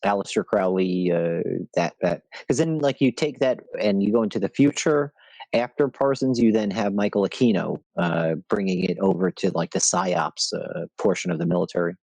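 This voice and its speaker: A man's voice: low-pitched, moderate pace, darkish tone, dry recording. A young man chatting casually on a podcast, rambling with lots of fillers and slipping into jokey put-on quotes. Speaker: podcast guest.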